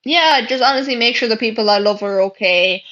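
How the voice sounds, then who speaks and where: A woman's voice: fairly high pitch, fairly quick, sharp tone. A young Irish woman chatting casually on a livestream, reading out comments and answering bluntly with plenty of swearing and sarcasm. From Ireland. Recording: dull lo-fi stream audio.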